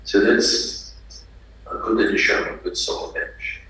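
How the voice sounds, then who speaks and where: A man officiating a funeral service, reading out family names in a halting way with restarts. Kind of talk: funeral address. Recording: echoey room, distant mic, faint noise.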